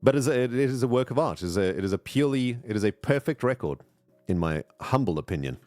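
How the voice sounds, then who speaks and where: Guy streaming a game, chatty and excitable, voice jumps all over the place, dry close sound. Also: medium pitch, fast, no room sound, faint music behind. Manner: chatty, excitable, greets viewers. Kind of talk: casual live gameplay chat.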